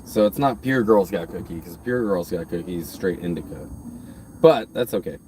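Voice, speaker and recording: A man's voice: sits low, moderate pace, darkish tone, a little hiss or hum. Rambling laid-back male live streamer. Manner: loose, rambling, swears freely. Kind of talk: casual live stream chat. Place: outdoors by his truck at a park.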